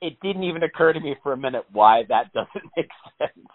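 A man's voice: fairly high pitch, lively intonation, a little fast, no echo. Male co-host, rambling and profane, laughs a lot, phone-quality sound. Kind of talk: casual profane chat. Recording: phone-like narrow band.

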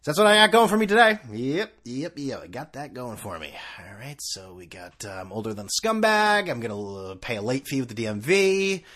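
Male podcast host, thirties, scattered and sarcastic, very animated pitch. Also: a little fast, hardly any pauses. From US East Coast. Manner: sarcastic, scattered, swears freely. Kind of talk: rambling solo sports podcast.

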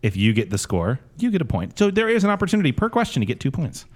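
A man hosting a casual podcast quiz game, relaxed and laughing, with many fillers. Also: on the high side, quick pace. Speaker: game show host.

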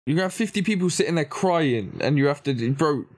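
A man's voice: on the high side, expressive, fast talker. A young man, talking casually, often hesitating and restarting his sentences. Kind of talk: casual chat.

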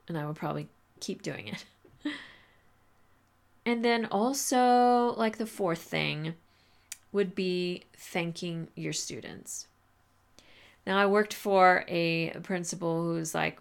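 A woman's voice: low voice, vocal fry. A woman hosting a podcast, giving teachers casual advice in a chatty, filler-heavy way and laughing often. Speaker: podcast host coaching teachers.

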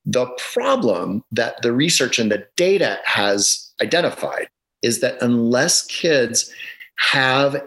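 Joining a podcast by video call, this middle-aged education consultant speaks in an emphatic, explanatory manner and relies on data to back his points. The voice is mid-range and a bit bright, captured with poor audio.

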